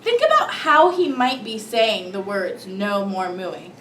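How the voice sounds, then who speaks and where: A woman teaching first grade, reading a big book aloud to her class in an expressive, sing-song voice. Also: mid-range voice, unhurried, slight background noise. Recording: echoey classroom, mic far off, children around.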